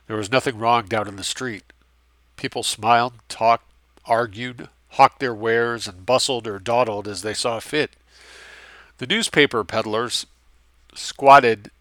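A man narrating a novel as an audiobook, in a steady, measured storytelling manner. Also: mid-range voice, no echo. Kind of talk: scripted narration.

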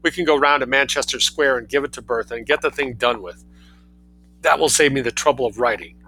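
A man reading a story aloud, voicing a sulky, spoiled small boy who speaks loudly and scornfully. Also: mid-range voice, a little fast, soft background music, low-quality recording. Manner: sulky, scornful, loud and assured.

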